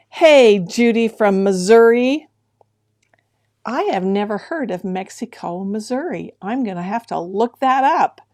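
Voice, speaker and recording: A woman's voice: mid-range voice, a little mellow. A middle-aged woman hosting a sewing livestream, chatting casually and greeting viewers by name with frequent laughs. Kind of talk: casual live-stream chat with viewers.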